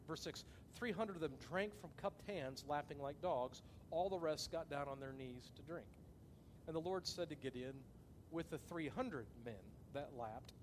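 A man preaching a sermon, telling the story with lively acted-out quotes and big swings between loud and soft. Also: fairly high pitch, a little hiss or hum. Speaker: pastor.

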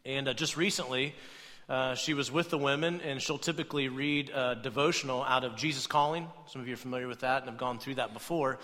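A man's voice: mid-range voice, a little fast, long reverb tail. A young adult man preaching a conversational sermon, often checking in with "right?". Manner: conversational, animated, tags points with "right?". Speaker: pastor.

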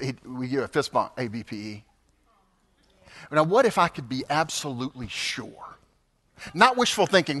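A man in his fifties, a pastor preaching a sermon, animated and building to emphatic peaks. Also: high-pitched. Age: 50s. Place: church sanctuary.

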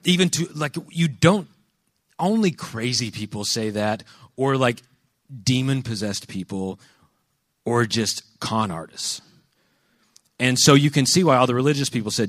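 A man's voice: on the low side, brisk, a bit bright, no echo, clean studio sound. A man giving a casual, conversational sermon, telling stories animatedly and acting out quoted lines. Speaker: preacher. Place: venue with a live audience.

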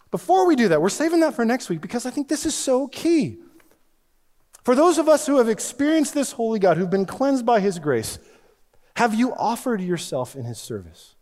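A male pastor delivers a sermon with a lively, rising and falling pitch and a slightly higher voice than most men. He swings from loud, emphatic lines to hushed ones. The sound carries the long reverb of a big church hall.

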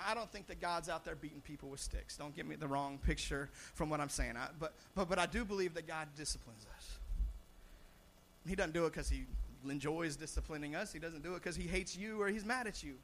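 A young man preaching a sermon as pastor, animated, with frequent restarts and repeated words, swelling loud on his points. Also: fairly high pitch, slight background noise.

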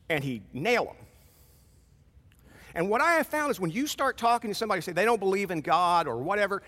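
A man preaching a sermon in a conversational, animated way, acting out short quoted exchanges. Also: sits high, long reverb tail. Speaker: pastor.

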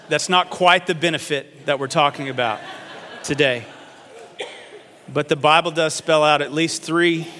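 A pastor delivering a sermon, earnest, slowing down to stretch key phrases. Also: male voice, medium pitch, pushed and bright. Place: church sanctuary. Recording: long hall reverb.

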